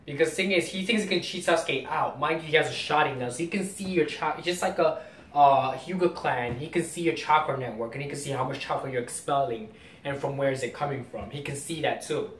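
With a fairly quick pace and a fairly bright tone, a man rambles and explains his way through a casual comic reaction video he's hosting. It's picked up on a distant, roomy mic with a faint rumble underneath.

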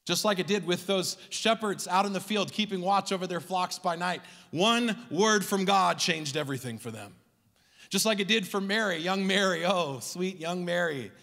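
A male pastor giving a Christmas Eve sermon in rhythmic preaching cadence, swinging from loud to hushed. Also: sits high, moderate pace, long reverb tail. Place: church sanctuary.

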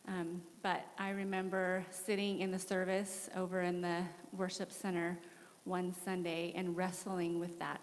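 A woman in her forties giving a candid, animated missionary testimony during a church interview. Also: on the low side, measured pace. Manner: candid, animated storytelling with laughs. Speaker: missionary guest. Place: church worship center. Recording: echoey church hall.

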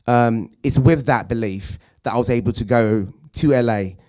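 A man who founded a drama school, answering thoughtfully at a Q&A in an earnest, halting way. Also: medium pitch, darkish tone. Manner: earnest, halting, many fillers. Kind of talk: reflective answer at a Q&A.

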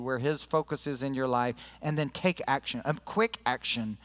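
A man's voice: medium pitch, fairly bright tone, clear, resonant tone, in a large hall. A man preaching a sermon to his church in an earnest, conversational way, leading prayer and scripture reading. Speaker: pastor. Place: church sanctuary.

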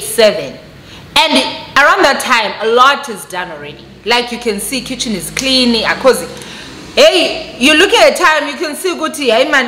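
A South African woman telling a story on her vlog, animated and switching between Xhosa and English. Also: on the high side, slight background noise. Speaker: vlogger. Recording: echoey room recording.

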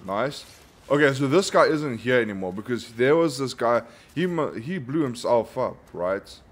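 A man's voice: mid-range voice, animated, normal speed, a little hiss or hum. A man hosting a gaming channel, giving casual let's play commentary, thinking aloud and bursting into frustrated outbursts.

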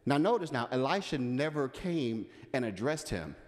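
A man's voice: medium pitch, big pitch swings, normal speed. A man minister preaching a sermon, with call-and-response and building emphasis. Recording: reverberant church hall.

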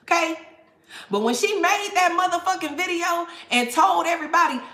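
A woman's voice: very high voice, lively intonation, normal speed, pushed and bright, reverberant. Profane, laughing woman tarot reader. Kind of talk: casual tarot reading livestream rant.

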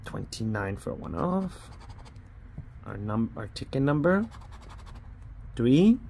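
This lottery scratch-off channel host speaks slowly with a creaky, darkish, medium-pitched voice and big swings in pitch. Frustrated, he grumbles as he scratches tickets in a casual vlog, repeatedly tacking "man" onto his lines. Slight background noise is audible.

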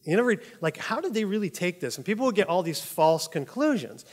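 A man's voice: high-pitched, big pitch swings, fast, a little mellow, long reverb tail. A man giving a casual, conversational sermon as pastor, laughing often and asking "right?". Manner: chatty, laughs often, says "like" and "right?" a lot.

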